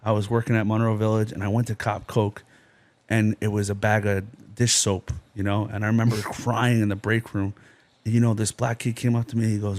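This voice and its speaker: A man's voice: on the low side, little pitch movement, a little fast, a little mellow. A man from New Jersey, a podcast guest, telling his life story in an intense, rambling way, full of "you know" and "like". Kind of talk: personal testimony in a podcast interview.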